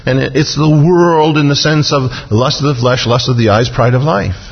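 A male pastor preaching an expository sermon in a church sanctuary, slowing down to stress scripture. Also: mid-range voice, steady tone, breathy edge. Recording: dull, reverberant hall sound.

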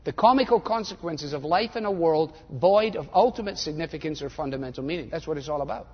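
An older man preaching a sermon, animated and sarcastic, mimicking voices to make his points. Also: a little high, fast, breathy edge. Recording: dull lo-fi audio in a reverberant hall.

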